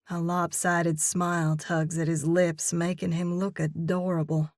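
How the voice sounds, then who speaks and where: A woman's voice: fairly low pitch, unhurried, few pauses, no room sound, studio quality. A woman narrating a first-person romance audiobook expressively, voicing the heroine's own lines as she goes. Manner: expressive, reads in character as heroine.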